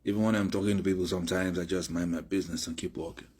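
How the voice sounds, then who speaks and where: A man's voice: low voice, steady tone, rapid-fire, darkish tone, husky. A man giving casual, earnest and reflective commentary.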